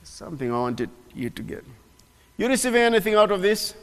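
A man preaching a sermon in an animated way, repeating phrases and often restarting. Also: sits high, brisk. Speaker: pastor. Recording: long hall reverb.

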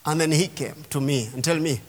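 A man's voice: fairly high pitch, fairly quick. A man preaching a sermon as pastor, emphatic and calling on the congregation to respond. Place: church sanctuary. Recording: long reverb of a large hall.

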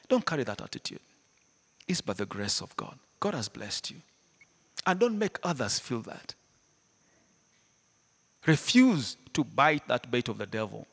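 Animated preacher man in a reverberant hall. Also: mid-range voice, a little slow, creaky, pauses often. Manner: animated, swings from loud to hushed, laughs often. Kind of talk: sermon.

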